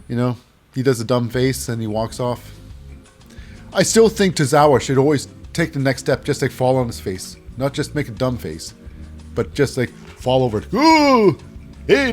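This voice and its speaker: A man giving a casual wrestling recap, animated, with hesitant fillers and silly voices. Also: mid-range voice.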